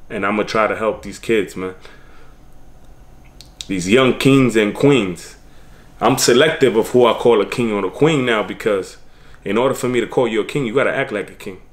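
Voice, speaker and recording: A man's voice: medium pitch, fairly bright tone. A man giving preachy, streetwise life advice in a casual motivational monologue.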